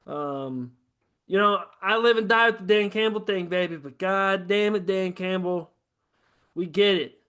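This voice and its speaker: A man's voice: high-pitched, measured pace, a bit bright, clear, resonant tone. A man hosting a podcast, joking around in loose, profane banter and laughing often. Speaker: host.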